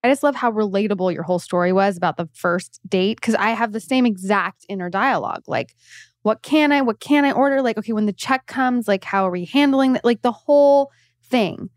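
A woman's voice: mid-range voice, a little fast, dry recording, clean studio sound. Chatty woman podcast co-host. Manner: supportive, chatty, relatable asides. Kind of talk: casual chat.

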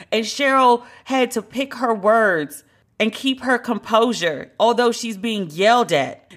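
A woman hosting a podcast, giving blunt, profane opinion commentary in an animated, candid way. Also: on the high side. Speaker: podcast host.

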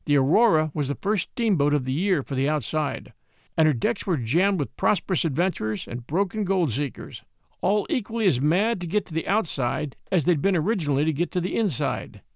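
An expressive male narrator reads a classic novel aloud. His voice is somewhat high, gravelly and lively in pitch. The recording is close and dry. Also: brisk, dry recording. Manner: expressive storytelling. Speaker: audiobook narrator.

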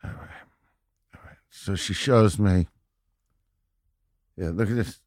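A male guest comedian telling a story in casual podcast chat, brash and profane, often rising into loud rants. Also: deep voice, slow pace, no room sound, studio quality.

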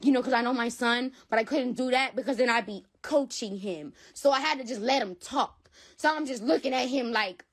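Heated, high-voiced woman telling her story. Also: brisk. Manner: heated, repetitive, swearing often. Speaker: interview guest. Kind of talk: emotional personal account.

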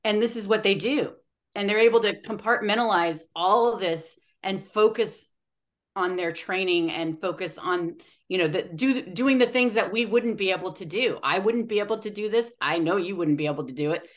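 A woman's voice: medium pitch, moderate pace. A woman hosting a podcast, talking earnestly and from the heart in casual conversation. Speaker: podcast host and interviewer. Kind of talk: casual chat.

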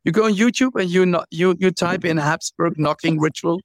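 A man in an interview, telling long stories as a guest author. His voice sits a little high and sounds close and dry. He talks with animated energy and often restarts or repeats words mid-sentence. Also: brisk, no echo. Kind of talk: interview storytelling.

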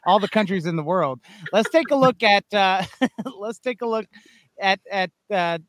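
A man co-hosting a podcast, steady and agreeable, leading into the next segment. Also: high-pitched, moderate pace, no room sound. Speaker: podcast host. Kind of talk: casual chat.

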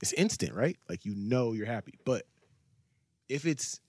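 A man hosting a podcast in casual group chat, excitable and prone to stammering and repeating himself. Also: mid-range voice, unhurried, slightly rough, dry recording. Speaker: podcast host.

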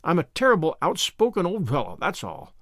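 A man reading aloud and voicing a blunt, hasty old farmer who speaks his mind briskly. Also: a little high, huge pitch swings, fairly bright tone, no echo, clean studio sound, full character voice. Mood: brisk, gruff. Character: gruff outspoken older farmer, hasty but kindly.

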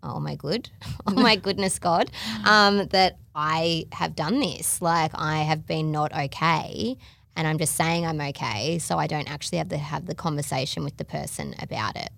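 An Australian woman co-hosting a podcast, talking in a chatty, quick way full of "like" and laughs. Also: low voice, gravelly, fairly bright tone, no echo. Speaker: podcast co-host. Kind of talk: casual chat.

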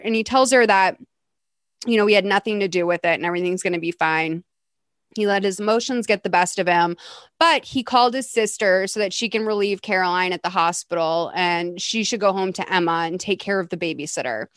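A woman's voice: mid-range voice, fairly quick, fairly bright tone, no echo. A young adult woman hosting a podcast, recapping a movie in a chatty, sarcastic way. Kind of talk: casual movie recap chat.

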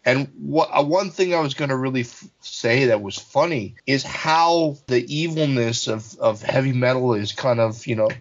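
A man co-hosting a casual podcast chat, an animated, rambling storyteller on a dull, lo-fi recording. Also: medium pitch, moderate pace, hardly any pauses. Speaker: podcast co-host. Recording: dull lo-fi sound.

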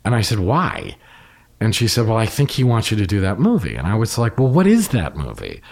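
A man's voice: fairly quick, gravelly. A middle-aged man, an actor, telling stories in a candid, casual conversation, acting out quotes and swearing freely. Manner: animated, acts out quotes with big pitch jumps. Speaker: actor, podcast guest.

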